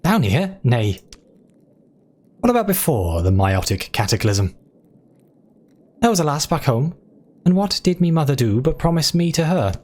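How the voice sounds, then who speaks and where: A man's voice: fairly high pitch, very animated, unhurried, pauses often, voice pushed up. A man voicing a shy young male pest exterminator, bashful and folksy. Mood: wistful. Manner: bashful, soft-spoken, folksy.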